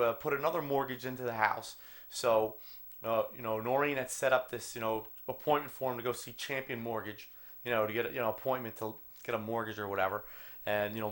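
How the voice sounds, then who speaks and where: A man's voice: mid-range voice, a bit bright. A man from New Jersey telling a long casual anecdote among friends, rambling and swearing, full of "like" and "you know.".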